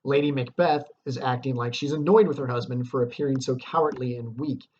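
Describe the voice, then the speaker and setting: A man's voice: medium pitch, steady tone, a little fast, a little mellow, muffled recording, slight background noise. A man teaching a lesson, explaining a play in a casual way with fillers and check-ins.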